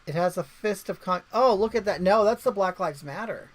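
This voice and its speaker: A woman's voice: medium pitch, normal speed, poor audio. A woman hosting a livestream in casual chat, rambling along and reading viewer comments aloud. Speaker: livestream host.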